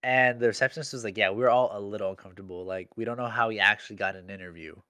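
A man's voice: fairly low pitch, very fast, pushed and bright, clean tone, dry recording. Slangy young man telling a story. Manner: slangy storytelling, heavy use of "like". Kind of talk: casual chat.

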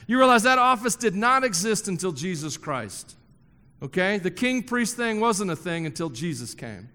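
Male pastor, high voice, very animated pitch; humorous, conversational, hammers home repeated lines; long church reverb. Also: normal speed. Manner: joking and conversational with the congregation; emphatic, repeating key phrases. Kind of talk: sermon. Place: church hall before a congregation.

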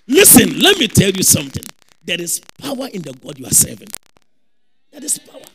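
Ghanaian man preaching, very high voice, bright tone, repeats himself, bursts into shouts, faint hiss behind. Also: moderate pace, vocal fry, rough recording. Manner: animated, repeats phrases, shouts for emphasis. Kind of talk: lively sermon.

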